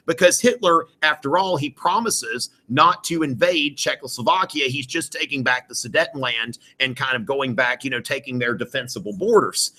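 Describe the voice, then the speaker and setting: A man's voice: a little high, a little fast, hardly any pauses, bright, forceful tone. A male history teacher giving a live exam review to students in a classroom, rambling with many fillers and jokey asides.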